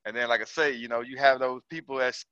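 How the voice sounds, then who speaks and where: Man caller, bright and forceful tone, halting with lots of ums, dull call audio. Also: mid-range voice, fairly even intonation, clear, resonant tone. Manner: halting, many ums and restarts. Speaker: caller, small business owner. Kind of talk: casual sharing on a group call.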